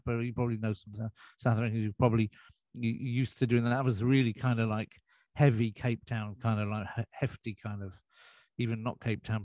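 A man's voice: mid-range voice, a little mellow, no room sound. Discursive British man, dry sound. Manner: discursive, explaining at length with many restarts. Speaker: interview guest. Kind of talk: casual interview talk.

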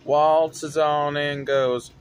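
A man telling a story from his retail job in an animated, dramatic way. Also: fairly high pitch, very slow, smooth. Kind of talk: casual storytelling vlog.

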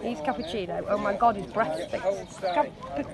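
A woman's voice: medium pitch, normal speed. A woman filming on her phone outdoors, teasing and exclaiming with laughter. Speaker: filming the scene. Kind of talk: casual home video chat. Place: outdoors at a busy tourist spot. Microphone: phone camera. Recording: outdoor phone video with crowd noise.

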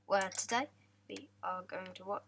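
A woman's voice: mid-range voice, steady tone, moderate pace, gravelly, a bit bright, a little hiss or hum. A young woman casually commenting on her own gameplay, joking, chatty and playful, chatting to the animals in the game. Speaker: gaming vlogger.

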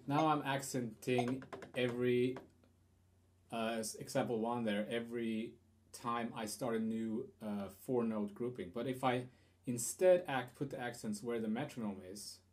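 A man's voice: mid-range voice, fairly even intonation, a little slow, darkish tone. A man giving a guitar lesson, explaining rhythm in a hesitant way with fillers and restarts. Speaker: guitar teacher.

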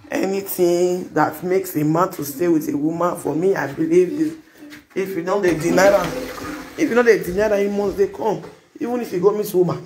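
A woman's voice: sits low, background noise. A woman with a Nigerian accent, chatting casually on a live stream and sliding between Pidgin and English, with frequent laughs. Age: adult with children.

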